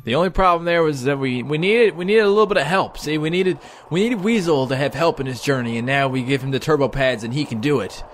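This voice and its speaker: A man giving playful, joking let's-play commentary and excitedly cheering on the action. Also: a little high, fast, faint music behind. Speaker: gaming commentator.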